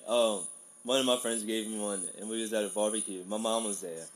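A man in casual conversation, telling stories in an animated way. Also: lowish voice. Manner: animated storyteller, quick to laugh. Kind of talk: casual chat.

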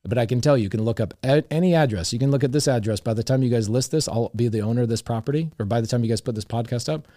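A man's voice: mid-range voice, very fast, hardly any pauses, dry recording. Middle-aged guy telling stories, acts out the voices, dry close mic. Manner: animated, acts out quoted dialogue. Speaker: real estate investor guest. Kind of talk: casual storytelling.

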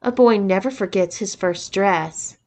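A woman's voice: mid-range voice, a little slow, darkish tone, close to an everyday voice. A woman reading the part of a blunt young woman who teases eagerly. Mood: teasing.

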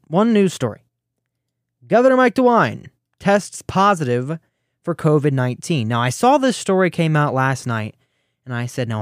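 A man's voice: medium pitch, dry recording, studio quality. A teenage man hosting a political talk radio show, brash and mocking. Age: teens. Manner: brash, mocking, quick asides.

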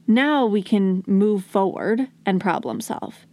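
A woman hosting a podcast, explaining parenting ideas calmly and modeling gentle phrases to say to small children. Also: mid-range voice, slow pace, dry recording. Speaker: podcast host. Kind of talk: solo parenting advice talk.

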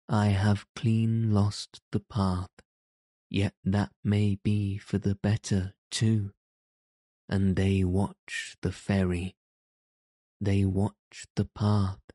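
A man's voice: fairly low pitch, dark tone, dry recording, clean studio sound. A man reading a bold, teasing teenage outlaw boy. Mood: cheerful. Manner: jesting, archaic speech. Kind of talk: audiobook character reading.

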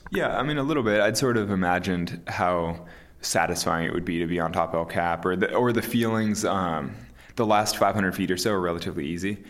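A man in his thirties, an interview guest talking casually and calmly, with many fillers and restarts. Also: sits low, fairly quick. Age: 30s. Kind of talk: casual conversation.

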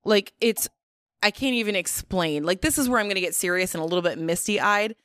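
A woman co-hosting a podcast in casual chat, earnest and warm, often saying "like". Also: medium pitch, fairly quick, clean tone, dry recording, clean studio sound. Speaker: podcast co-host.

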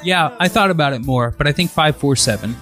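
A man's voice: fairly high pitch, a little fast, fairly bright tone, soft background music. Dry, wry male podcast co-host. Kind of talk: casual movie podcast chat.

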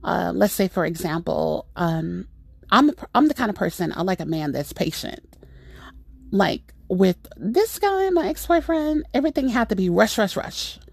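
Middle-aged woman host, gravelly voice, dry close mic, chatty exasperated storytelling. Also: mid-range voice, moderate pace, no echo. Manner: animated, exasperated, rambling with fillers. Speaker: podcast host. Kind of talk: casual storytelling monologue.

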